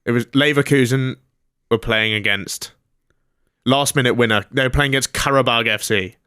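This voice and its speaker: Bright, joking male podcast host. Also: mid-range voice, moderate pace, clear, resonant tone, dry recording, studio quality. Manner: jokey storytelling, acts out quoted voices. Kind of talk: comedic casual chat.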